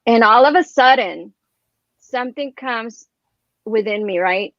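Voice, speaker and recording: A woman telling a personal story in casual chat as a guest, rambling and animated, filling her speech with "like" and "right?". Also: fairly high pitch, unhurried, no room sound, muffled recording.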